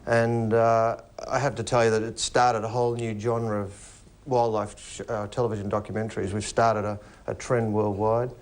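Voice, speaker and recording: A man's voice: lowish voice, little pitch movement, moderate pace. A man who works as a television producer, giving plain, understated answers as a guest on a TV show. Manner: plain, understated, short replies. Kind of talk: interview answers.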